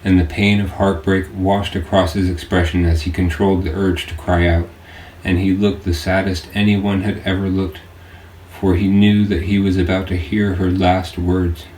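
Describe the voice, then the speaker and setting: A man narrates an audiobook in a deep, mellow voice, reading with earnest, measured delivery. He sounds set back from the mic in a roomy space. A faint hiss sits underneath. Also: level tone, distant mic.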